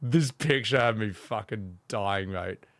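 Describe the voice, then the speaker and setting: A man's voice: on the low side, slow pace, fairly bright tone, no room sound. A man chatting casually on a live game stream, opinionated and rambling, swearing freely.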